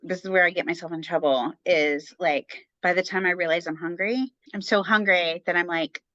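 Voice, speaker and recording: A woman's voice: fairly low pitch, steady tone, normal speed, a bit bright, no room sound, muffled recording. A woman in her thirties co-hosting a podcast about motherhood, chatting casually and rambling with lots of fillers. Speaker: podcast co-host. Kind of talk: casual chat.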